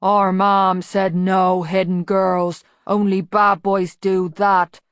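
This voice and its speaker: A woman reading an audiobook voices a huge, slow-witted man who talks slowly and loudly. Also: level tone, clear, resonant tone, no room sound. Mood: sulky. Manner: slow, loud, booming.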